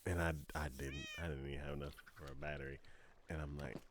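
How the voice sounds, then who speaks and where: A young adult man streams live, telling a rambling story in casual chat and voicing both sides of every conversation. His voice is extremely low and steady in tone, he talks fast, and a faint hiss or hum sits under it. He laughs a lot and fills his speech with fillers.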